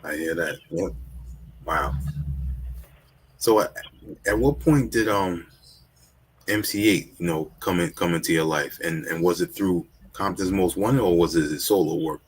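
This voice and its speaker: A man's voice: sits low, measured pace, long pauses, slightly rough. A man hosting a podcast interview, chatting casually and affirming his guest often. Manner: affirming, lots of "yep" and "mm-hmm". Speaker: podcast host.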